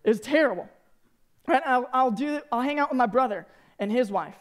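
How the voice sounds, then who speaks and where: A young man in his twenties from Arkansas, giving a joking, animated talk to students as a youth speaker. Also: extremely high pitch, normal speed. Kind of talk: sermon to students.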